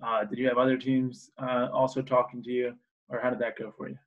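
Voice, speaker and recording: Flat-voiced man on a tinny line. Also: medium pitch. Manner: halting, stacks several questions. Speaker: podcast co-host, interviewer. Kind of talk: casual interview questions.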